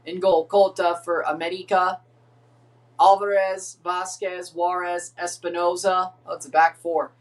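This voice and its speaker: A man's voice: high voice, little pitch movement, measured pace, distant mic. Chatty man, slightly off-mic. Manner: rambling, chatty, reads lineups aloud. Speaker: streamer hosting a watchalong. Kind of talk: casual live reaction chat.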